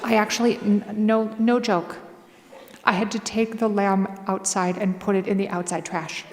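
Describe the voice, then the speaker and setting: A woman with a Minnesota accent telling comic stories to an audience in a lively, animated way, often laughing through her lines. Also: medium pitch, moderate pace. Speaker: author speaking at a library event. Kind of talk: humorous live storytelling talk. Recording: reverberant hall with clear background noise.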